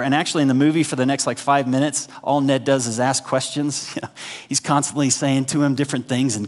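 A man preaching a sermon in a conversational way, often checking in with the congregation with quick asides. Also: mid-range voice. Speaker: pastor. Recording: long hall reverb.

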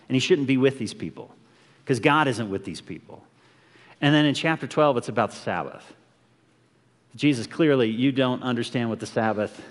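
A man preaching a conversational, earnest sermon as a pastor, often asking the congregation rhetorical questions. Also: medium pitch. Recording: long hall reverb.

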